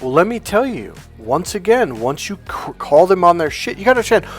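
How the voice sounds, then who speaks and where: A man giving a casual monologue as a relationship coach, animated and profane, acting out bits of dialogue. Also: sits high, brisk, soft background music.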